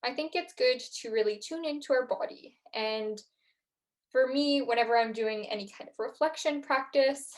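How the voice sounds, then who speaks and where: A young woman hosting a podcast, talking gently through reflection and a guided breathing practice, with frequent fillers. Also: high voice, normal speed. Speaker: podcast host. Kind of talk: guided mindfulness talk.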